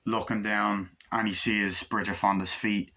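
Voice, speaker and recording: A man's voice: lowish voice, little pitch movement, a little slow, pushed and bright. A man casually rambling through a film review, swearing freely and using a lot of filler words. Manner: rambling, profane, many fillers. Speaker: movie reviewer.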